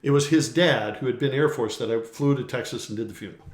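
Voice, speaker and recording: A man's voice: medium pitch, fast talker, echoey room. A middle-aged man hosting a casual live-stream chat with jokey, teasing banter. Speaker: host.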